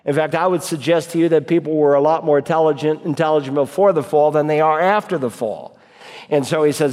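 A man's voice: a little high, normal speed, a little mellow, long reverb tail. A man preaching a sermon, reading Bible verses aloud and explaining them as he goes. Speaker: pastor.

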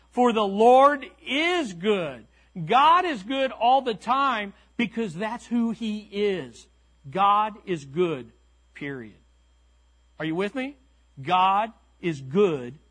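Male pastor, unhurried delivery, repeats key lines for the congregation. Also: high voice, a bit bright. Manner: calls to the congregation. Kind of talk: sermon.

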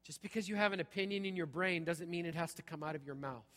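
A man's voice: on the high side, fast, few pauses, fairly bright tone. A middle-aged male pastor preaching a sermon, punchy and conversational, checking in with "okay?" again and again. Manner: punchy, repeats "okay?" often. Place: church sanctuary. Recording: long hall reverb.

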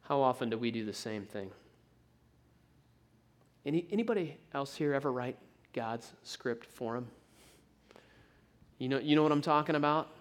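A man preaching a sermon, telling the story in an animated way with frequent stammered restarts. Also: mid-range voice, moderate pace, long pauses.

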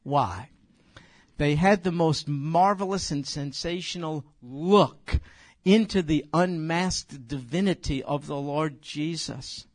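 A man's voice: a little high, takes it slowly, no room sound, clean studio sound. An older man leading an informal Bible study, emphatic and conversational, speaking directly to his listeners. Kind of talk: informal Bible teaching to a group.

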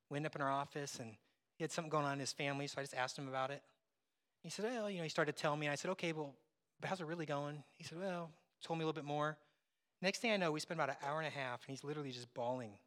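A man pastor preaching a conversational sermon, acting out bits of dialogue and dropping from loud to hushed. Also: on the high side. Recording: long hall reverb.

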